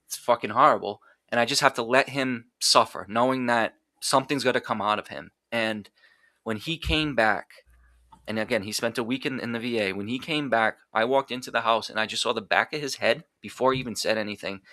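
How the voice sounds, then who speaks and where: A man with a bright, tense voice speaks in a raw, blunt way and swears often. He restarts his sentences as he tells a personal story. The sound is dry and close to the mic, with no room echo. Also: mid-range voice, fairly quick. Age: adult. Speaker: podcast guest.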